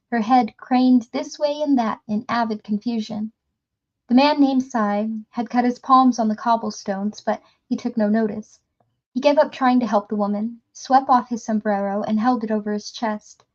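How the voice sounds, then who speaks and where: A woman reading a novel aloud in a steady storytelling manner, with small slips and restarts. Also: a little high, dull audio. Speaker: audiobook reader. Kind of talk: reading a novel aloud, voicing characters lightly.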